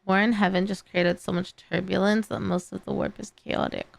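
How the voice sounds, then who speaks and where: A woman's voice: medium pitch, little pitch movement, moderate pace, gravelly. A young woman chatting casually on a live stream, tired and rambling, with many fillers and restarts. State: tired and yawning. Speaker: streamer reacting to videos and chat.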